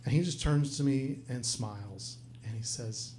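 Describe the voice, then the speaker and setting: Male storyteller at a live show; sincere, thoughtful delivery, mid pitch, light hum. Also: moderate pace, darkish tone. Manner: earnest and reflective. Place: live venue stage.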